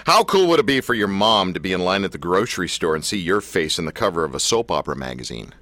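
A man hosts a casual radio interview, playful and teasing. His lowish voice has a bright edge and a lively lilt. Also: fast, no echo. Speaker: radio host.

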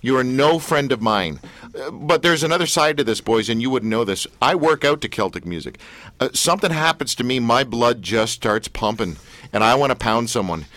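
Jokey, bright-voiced male radio host. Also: medium pitch, lively intonation, normal speed, dry recording. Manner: jokey, rambling with fillers. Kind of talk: casual studio chat. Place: radio studio.

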